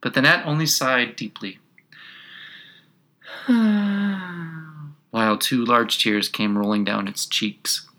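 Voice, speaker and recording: A man narrating a children's classic as an audiobook, measured and expressive. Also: fairly low pitch.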